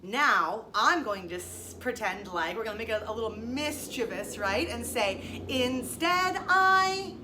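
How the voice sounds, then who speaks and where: A woman's voice: medium pitch, sharp tone, a little hiss or hum. A young woman teaching a music lesson to children, explaining each step in an encouraging way. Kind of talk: online music lesson for kids.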